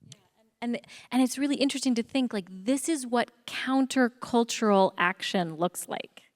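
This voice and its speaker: A woman's voice: on the high side, normal speed. A woman speaking on a panel, telling a personal story in an earnest, reflective way. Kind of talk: storytelling on a conference stage. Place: theatre stage. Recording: long hall reverb.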